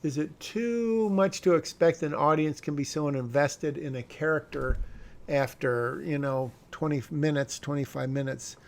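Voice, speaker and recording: A man talks loosely through his own screenplay, doubling back and correcting himself with dry little asides. His voice sits a bit high and carries a gravelly edge. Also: measured pace. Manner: rambling, self-correcting, wry asides. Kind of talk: casual talk about his screenplay.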